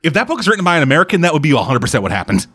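A man's voice: on the high side, very animated, racing, pushed and bright, husky. A young adult man in casual chat, cursing freely and riffing in rambling runs. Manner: profane, rambling riffs.

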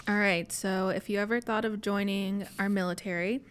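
A woman's voice: medium pitch, fairly even intonation, normal speed. A young woman co-hosting a podcast in casual chat, dropping wry jokes. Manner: joking, wry asides. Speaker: podcast co-host.

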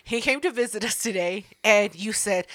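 A woman's voice: mid-range voice, normal speed, a bit bright. A woman co-hosting a casual podcast, talking brashly and swearing as she teases and argues back. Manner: brash, profane, laughing. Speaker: podcast co-host.

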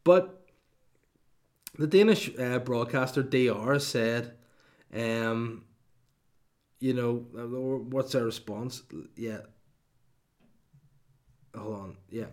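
A man in his thirties, mid-pitched and talking casually as he riffs through a comic monologue. His delivery is sweary and digressive, full of asides and mock indignation. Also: very slow, pauses often, a little mellow. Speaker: comedy podcast host.

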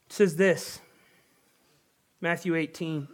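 A man's voice: a little high, steady tone, slow. A young adult man, a pastor, preaching a sermon in an earnest, conversational way and reading scripture aloud.

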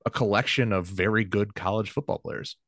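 A man's voice: fairly low pitch, brisk, fairly bright tone, no room sound, studio quality. A man co-hosting a casual sports podcast, giving confident, opinionated analysis. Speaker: podcast co-host.

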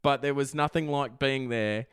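On a casual sports podcast, a male co-host teases his partner and laughs often. His mid-range voice is clear, resonant and a bit bright, moving at normal speed, and the studio recording is clean and dry.

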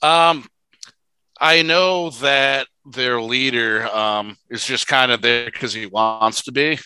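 A man's voice: medium pitch, slow pace, sharp tone, smooth, dry recording, rough recording. A man co-hosting a casual podcast over a video call, joking and swearing freely. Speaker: podcast co-host.

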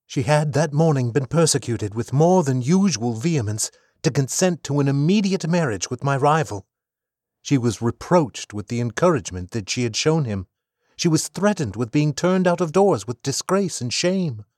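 A man narrates a classic tale in the first person, measured and expressive. His voice sits at an ordinary pitch, recorded close and dry with no room sound. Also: no echo. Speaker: audiobook narrator. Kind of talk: scripted narration of classic fiction.

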